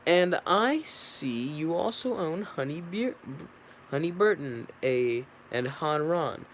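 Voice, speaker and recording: A man's voice: fairly high pitch, animated, slow, a little hiss or hum, pitched above the performer's own voice. Barry, a brash bee lawyer, read by a man. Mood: cross-examining. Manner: stumbling reading with slips.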